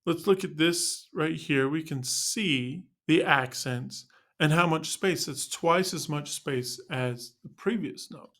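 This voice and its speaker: A man's voice: fairly high pitch, takes it slowly, a bit bright. A man teaching band students how to end notes, narrating a scripted lesson in an upbeat, explanatory way.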